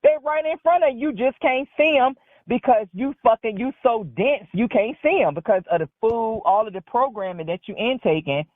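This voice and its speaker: A woman's voice sits high for her, coming through a thin, phone-like line with no room sound around it. She calls in to a talk show and talks casually, blunt, cursing freely, and she rambles from one thing to the next. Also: animated, moderate pace, no room sound. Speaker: caller. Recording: dry tinny phone line.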